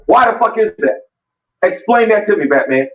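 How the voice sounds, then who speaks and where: A high-voiced man arguing bluntly and cursing freely, tripping over restarts as he builds his point. He sounds set back from the mic in an echoey room, and the audio is dull and lo-fi. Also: animated, normal speed, distant mic. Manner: profane, blunt, stammering restarts. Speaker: debater. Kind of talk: heated online debate.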